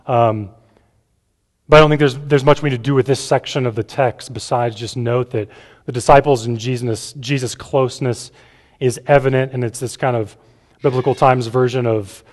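A pastor speaks to a gathered room in a relaxed, conversational way, often checking in with "right?" and repeating words as he goes. His voice sits at an ordinary middle pitch for a man. A long reverb trails after each phrase, as in a large hall. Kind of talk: conversational sermon. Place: church room with a gathered audience.

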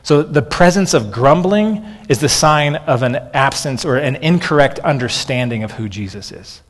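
A man's voice: medium pitch, lively intonation, moderate pace, big-room sound. A man in his thirties preaching a sermon as a pastor, talking conversationally and often restarting with "okay.".

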